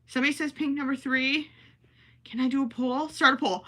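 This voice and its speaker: A woman's voice: sits high, fairly even intonation, fairly quick, bright, forceful tone. A woman with a Minnesotan accent hosting a casual livestream from home, chatting with viewers, reading their comments and often apologizing with a self-deprecating tone. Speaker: livestream host. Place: home, indoors.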